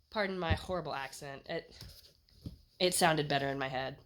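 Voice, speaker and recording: American woman vlogging a funny story, kinda low voice, lively and laughy. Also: normal speed. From United States. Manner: animated, chatty, laughs through lines. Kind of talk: casual storytelling.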